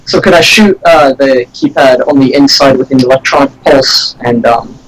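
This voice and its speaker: A man's voice: medium pitch, slight background noise, rough recording. American man playing a tabletop game. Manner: casual, halting questions with fillers. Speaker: player.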